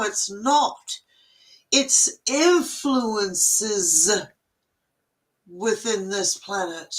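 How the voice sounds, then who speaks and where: A woman chatting casually on a livestream from home, animated and quick to laugh, swearing now and then. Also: medium pitch, low-quality recording. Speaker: co-host of a spiritual livestream. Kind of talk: casual chat.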